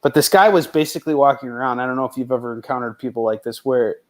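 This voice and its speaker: A man's voice: mid-range voice, fast. A man hosting a casual interview, talking animatedly, laughing easily and repeating words as he starts sentences. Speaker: podcast host.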